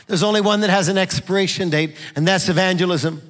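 A middle-aged man preaching a fervent sermon in a church, building to shouts. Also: sits high, fast talker. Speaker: pastor. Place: church sanctuary. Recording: long reverb of a large hall.

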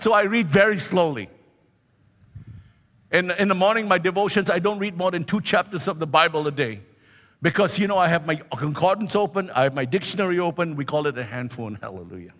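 A man in his sixties delivers a fervent sermon with a high, bright voice. He stretches key words into a sing-song lift and keeps punctuating with hallelujahs. The sound carries a long reverb, as in a large hall. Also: animated, brisk. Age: 60s. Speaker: pastor.

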